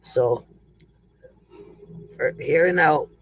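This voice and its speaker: Older-sounding folksy guy chatting on a livestream, slow and rambly, gravelly, kinda high voice. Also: a little hiss or hum, rough recording. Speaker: livestream host doing a joke segment. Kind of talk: casual livestream chat.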